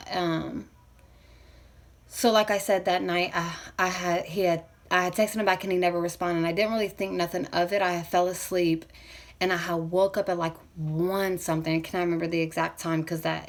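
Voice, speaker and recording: A young woman vlogger telling a painful personal story, emotional and near tears, rambling with many fillers. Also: on the low side. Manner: rambling, full of fillers like "you know what I mean".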